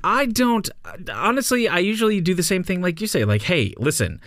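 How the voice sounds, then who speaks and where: A man co-hosting a casual parenting chat, full of joking deadpan asides. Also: high-pitched, a little fast, no echo, studio quality. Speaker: podcast co-host.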